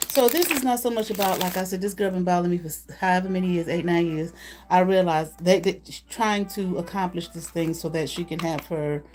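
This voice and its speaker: A woman's voice: fairly low pitch, a little mellow. A woman doing a live card reading, talking bluntly and profanely while laughing often between remarks. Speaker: intuitive card reader.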